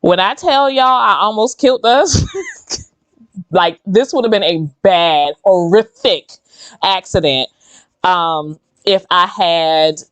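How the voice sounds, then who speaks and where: A woman's voice: lowish voice, takes it slowly, smooth, no room sound. A woman, hosting a casual, rambling chat while she does her own nails. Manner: chatty, rambling and animated. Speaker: host.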